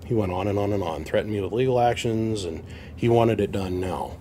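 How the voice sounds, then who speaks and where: A man's voice: fairly low pitch, brisk, dark tone, slight background noise. Blunt, aggrieved man telling a story. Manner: aggrieved, blunt, acts out both sides of phone calls. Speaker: amp repair shop owner. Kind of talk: casual storytelling rant to camera.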